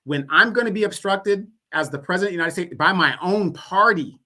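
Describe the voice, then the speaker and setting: A man's voice: sits high, brisk, pushed and bright. A man appearing as a podcast guest, talking politics in a laid-back, conversational way. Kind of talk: casual political chat.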